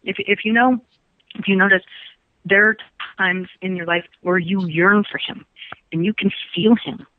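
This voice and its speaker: A woman's voice: mid-range voice, moderate pace, dry recording. A woman psychic speaking on a call-in radio show, emphatic and repetitive, often laughing. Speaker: psychic guest. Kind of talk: phone-in psychic reading. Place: phone call into radio studio. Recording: tinny phone line.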